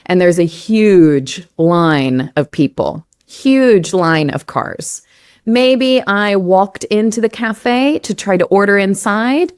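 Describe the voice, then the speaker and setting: An American woman co-hosting an English lesson, chatty and lively, laughing often and repeating phrases for emphasis. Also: medium pitch, clear, resonant tone, dry recording, studio quality. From United States. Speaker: English teacher co-host. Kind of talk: casual teaching chat.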